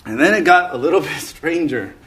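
A man casually telling a story to listeners, animated and chuckling as he goes. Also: a little high, brisk. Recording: roomy echo.

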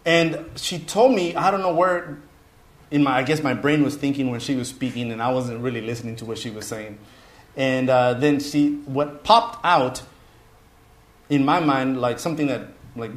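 A man casually telling a story to listeners, animated and chuckling as he goes. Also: mid-range voice, moderate pace. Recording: roomy echo.

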